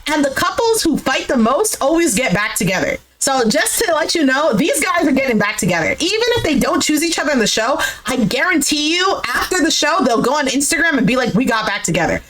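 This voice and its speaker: A woman giving a casual, opinionated recap of a reality show, animated and exasperated, with lots of "like". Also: high-pitched, a little fast, few pauses, slight background noise, low-quality recording. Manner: animated, exasperated commentary with frequent "like".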